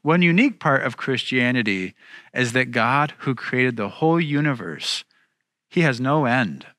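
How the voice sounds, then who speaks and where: A man's voice: medium pitch, lively intonation, a little slow, pushed and bright, no echo, studio quality. A man preaching an earnest sermon as pastor, reading scripture and stressing key phrases. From United States.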